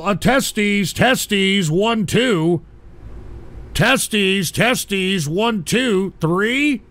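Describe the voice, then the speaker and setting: A male host of a crude call-in comedy show, ranting in a loud, profane, exasperated way. His voice sits high and swings widely in pitch. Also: animated, extremely slow.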